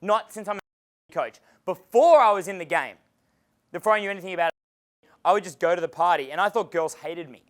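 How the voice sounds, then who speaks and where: A man's voice: high-pitched, a little fast. A man giving a seminar as a dating coach, casual and chatty, swearing freely and laughing at his own stories. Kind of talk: seminar lecture.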